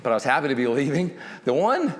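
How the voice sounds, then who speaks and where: A middle-aged man telling the story of how he started his company, animated and joking, often acting out the voices of the people he quotes. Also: medium pitch, fast talker. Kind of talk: storytelling talk to an audience. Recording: hall reverb.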